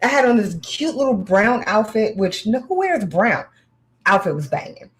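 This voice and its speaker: A woman's voice: mid-range voice, big pitch swings, normal speed, rough recording. Woman telling a candid story. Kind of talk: casual chat.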